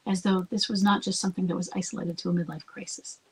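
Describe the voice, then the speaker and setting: A woman's voice: mid-range voice, quick pace, darkish tone, breathy edge, low-quality recording. A woman hosting an advice podcast, answering a listener in a conversational, thinking-aloud way and sometimes dropping to a whisper. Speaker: podcast host and coach.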